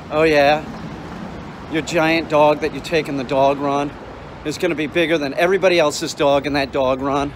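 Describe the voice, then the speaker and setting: A man's voice: fairly high pitch, level tone, moderate pace. Blunt ranting man on a noisy street. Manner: blunt, ranting, swears freely. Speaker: dog trainer. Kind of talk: casual vlog rant while walking dogs. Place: outdoors on a city street. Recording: street noise behind.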